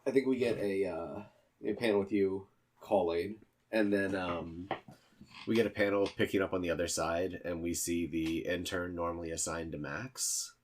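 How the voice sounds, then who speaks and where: A man's voice: low-pitched, steady tone, normal speed, slight background noise. A man casually narrating scenes in an actual-play tabletop game, hesitant with many fillers.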